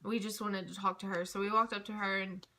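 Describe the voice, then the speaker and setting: Bright, gushing young woman vlogger. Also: mid-range voice, little pitch movement, brisk. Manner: gushing and chatty, full of fillers. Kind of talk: casual storytime chat.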